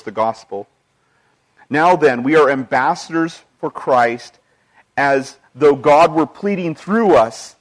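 A man preaching as a pastor. He is earnest, tells personal stories, quotes scripture, and moves between emphatic and hushed delivery. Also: fairly high pitch. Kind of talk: sermon.

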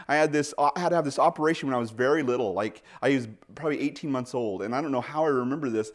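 Guy pastor preaching casually, tells stories, acts out the voices, keeps correcting himself, kinda high voice. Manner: animated storytelling, acts out quoted voices, frequent self-corrections and asides. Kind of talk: conversational sermon.

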